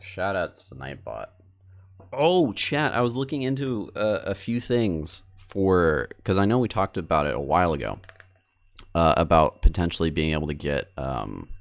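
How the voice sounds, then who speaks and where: A young man streamer chatting casually with his viewers while editing a video, rambling and cutting himself off. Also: a bass voice. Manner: rambling, self-interrupting, addressing chat.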